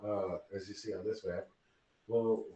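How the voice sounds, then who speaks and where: Unhurried man running a tabletop game. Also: fairly low pitch, steady tone, mellow, dull audio. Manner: slow, halting narration with restarts. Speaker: game master. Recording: roomy, distant mic.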